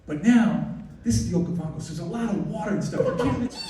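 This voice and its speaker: Excitable high-voiced man in an echoey hall. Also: quick pace. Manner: excitable, animated, self-interrupting. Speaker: wildlife photographer giving a slide talk. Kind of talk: lively presentation to an audience. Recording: distant echoey hall recording.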